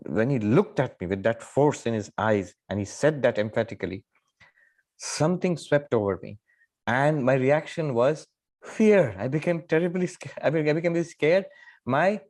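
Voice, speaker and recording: A middle-aged man, a monk, teaching scripture in a spiritual lecture, telling stories with thoughtful pauses and emphatic rises in pitch and loudness. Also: lively intonation. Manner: thoughtful, pausing with fillers.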